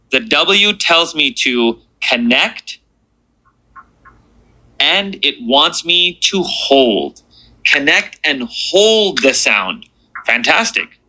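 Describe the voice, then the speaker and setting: Bright-voiced encouraging male teacher. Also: on the high side, low-quality recording. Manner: patient, encouraging, slows down to repeat sounds. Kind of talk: beginner language lesson.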